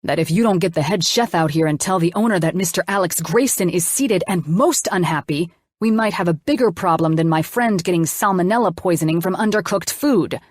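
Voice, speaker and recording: A woman's voice: lowish voice, brisk, few pauses, no room sound, natural voice. A woman doing a commanding rich man. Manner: authoritative, clipped and demanding. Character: wealthy man, authoritative and commanding.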